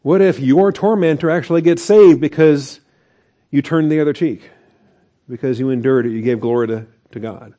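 A man's voice: a little high, normal speed, dark tone, muffled recording. A man preaching a conversational sermon as pastor, with asides and chuckles.

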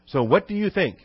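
A man preaching an expository sermon to his congregation, teaching conversationally and reading scripture quotes slowly and low. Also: breathy edge, dry recording. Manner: conversational teaching with rhetorical questions. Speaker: pastor. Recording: dull dry recording.

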